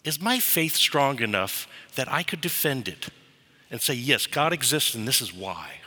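A man delivers a sermon with a vivid, storytelling manner. His voice is very bright and lively in its rise and fall, and it rings with long reverb in what sounds like a church. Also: mid-range voice, measured pace. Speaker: preacher. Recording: reverberant hall.

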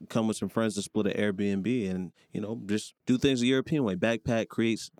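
A man's voice: fairly low pitch, steady tone, moderate pace, darkish tone, no echo. An American man co-hosting a podcast, chatting loosely and sociably about travel. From United States. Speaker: podcast co-host. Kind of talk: casual travel chat.

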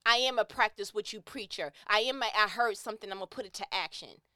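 A woman's voice: medium pitch, fast talker, sharp tone, no echo, studio quality. A woman giving an impassioned, preachy motivational monologue, emphatic and repeating phrases to drive her point home.

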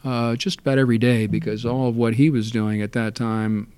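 A man recalling past film work in relaxed, rambling storytelling, full of fillers and restarts. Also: mid-range voice, a little fast, clean tone, no room sound. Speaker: interview guest.

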